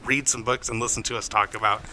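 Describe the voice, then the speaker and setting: A man co-hosting a podcast in casual chat, animated and jokey, recorded in a bookstore. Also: medium pitch, fast, slight background noise. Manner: animated, jokey, puts on silly voices. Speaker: podcast co-host. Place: bookstore with shoppers around.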